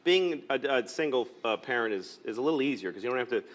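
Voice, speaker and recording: A man's voice: mid-range voice, expressive, quick pace. A man in his forties telling a rambling, self-deprecating comic story as a talk show guest, acting out voices along the way.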